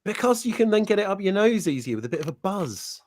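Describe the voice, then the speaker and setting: Dry-joking man, lively pitch. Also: fast. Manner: dry, jokey delivery. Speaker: guest. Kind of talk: casual live-stream chat.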